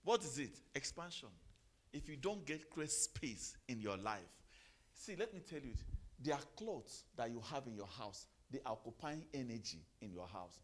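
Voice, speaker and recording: Motivational preacher, middle-aged man, mid-pitched, lively swooping delivery, repeats lines and gives the crowd commands. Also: normal speed, a little hiss or hum. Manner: rhetorical questions, repeats phrases, gives the audience commands. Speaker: motivational speaker. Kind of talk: motivational sermon to a live audience.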